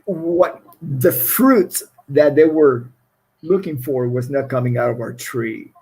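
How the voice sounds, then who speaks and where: In a relaxed storytelling interview, a middle-aged guest musician with a foreign accent laughs and rambles, often restarting what he's saying. He takes his time, his medium-pitched voice warm and slightly rough, and the recording is rough too.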